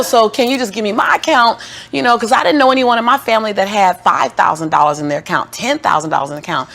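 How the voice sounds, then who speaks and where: A woman giving an interview, telling a motivational story. She is animated and laughs often, acts out the people she quotes, and builds her message through repetition like a preacher. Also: mid-range voice, gravelly. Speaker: interview guest.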